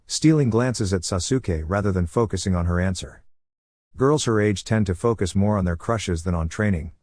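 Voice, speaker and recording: A man narrating a story in a steady, even storytelling voice. His voice sits fairly low, and the recording is close and dry with no room sound. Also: dry recording. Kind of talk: scripted narration.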